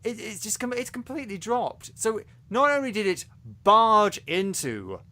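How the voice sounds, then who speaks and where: A man's voice: high voice, very animated, moderate pace, sharp tone. A man co-hosting a podcast, reviewing a series in casual chat, talking animatedly with many restarts and stumbles. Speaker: podcast co-host.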